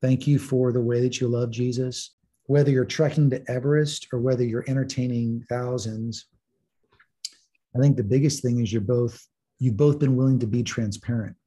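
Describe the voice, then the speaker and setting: A man's voice: medium pitch, warm tone, breathy edge. A man hosting an interview, reflectively summarizing his guests' answers. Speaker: host. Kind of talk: interview conversation.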